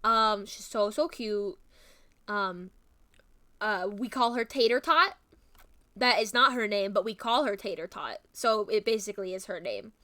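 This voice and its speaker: A woman's voice: medium pitch, animated, unhurried, pushed and bright. A young woman streamer gushing and rambling with fillers in casual stream chat.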